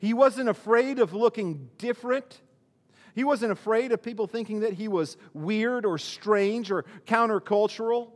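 A man's voice: sits high, normal speed, big-room sound. A male pastor preaching a sermon in a conversational way, often restarting his sentences and using fillers.

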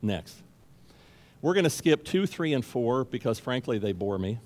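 A man's voice: mid-range voice, very animated, normal speed, a little mellow. A man preaching a sermon as pastor, speaking emphatically and repeating key phrases for stress. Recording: long reverb of a large hall.

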